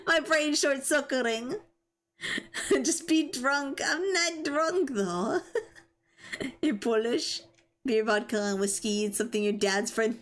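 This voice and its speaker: A young woman streaming live, chatting casually and giggling as she reads chat and stumbles over tricky words. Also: a little high.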